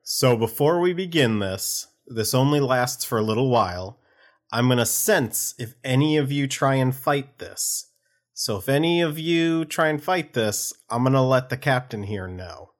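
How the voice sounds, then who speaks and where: A man's voice: medium pitch, animated, a little slow. Casual man playing a tabletop game. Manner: casual, explaining rules. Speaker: player. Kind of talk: tabletop role-play.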